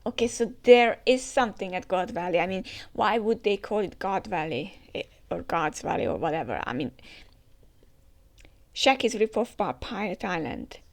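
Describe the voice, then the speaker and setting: A woman's voice: mid-range voice, lively intonation, moderate pace, vocal fry. A woman hosting a comic reaction, reading the chapter aloud with chatty comments and frequent laughs. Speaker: manga reaction host.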